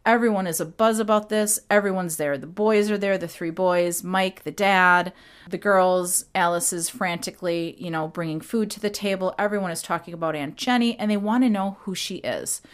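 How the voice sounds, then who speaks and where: A woman hosting a podcast, retelling a story casually with animated, quick impressions. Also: on the low side. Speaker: podcast host.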